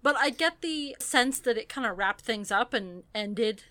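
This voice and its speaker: A woman talking as a podcast guest, even and matter-of-fact, laughing easily. Her voice sits fairly high and sounds bright. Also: unhurried. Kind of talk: casual chat.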